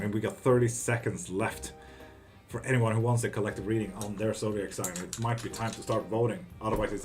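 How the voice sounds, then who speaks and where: A man hosting a live tarot stream, casually chatting, swearing freely and answering viewers' messages. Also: lowish voice. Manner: relaxed, swears freely, greets and answers chat. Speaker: tarot reader and livestream host.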